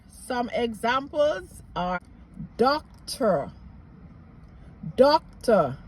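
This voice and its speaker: Jamaican woman, casual language teacher, slow and clear, a little high, playful asides. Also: poor audio. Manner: slow, drawn-out model words with playful asides. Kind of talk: casual lesson to camera.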